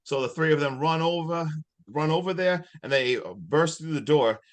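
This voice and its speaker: A man with a slightly high voice tells a film's story in casual podcast chat. He talks in an animated way and laughs often. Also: normal speed. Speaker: podcast co-host. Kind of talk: casual movie recap.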